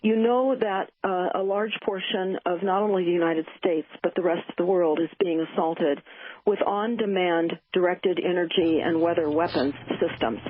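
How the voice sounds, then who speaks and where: A woman's voice: lowish voice, steady tone, normal speed, dry recording. A woman talking as a radio show guest, urgent and full of uh and um fillers. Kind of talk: radio call-in talk. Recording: tinny phone line.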